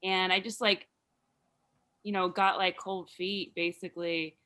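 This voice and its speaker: A woman doing a rambling, halting stand-up set full of fillers over a video call. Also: on the low side, little pitch movement, sharp tone. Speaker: stand-up comedian.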